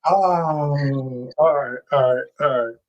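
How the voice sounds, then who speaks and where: A man talking as a relationship coach in an interview, animated and excitable, with a casual way of speaking and frequent restarts. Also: mid-range voice, takes it slowly, highs cut off. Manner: colloquial, with many restarts. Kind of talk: interview guest.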